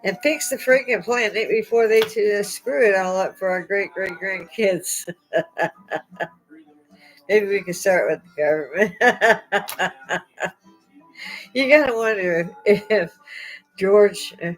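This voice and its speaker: This middle-aged vlogger, mid-range in voice, takes it slowly with long pauses as she rambles casually to her viewers. She's in pain and near tears but keeps laughing and joking with dry irreverence. Soft music sits underneath a rough recording.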